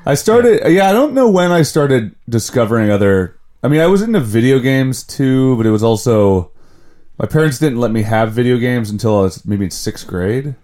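A man's voice: medium pitch, sing-song, normal speed. Rambling male podcast host. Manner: rambling, self-interrupting. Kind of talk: casual podcast chat.

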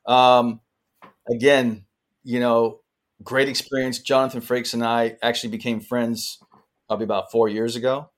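A man in the middle of a relaxed podcast interview, spinning long anecdotes about his career. His voice sits at an ordinary pitch, and his stories wander, with plenty of "you know" and "uh" along the way. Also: normal speed. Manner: chatty, rambling anecdotes with frequent fillers. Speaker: actor guest. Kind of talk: casual interview storytelling.

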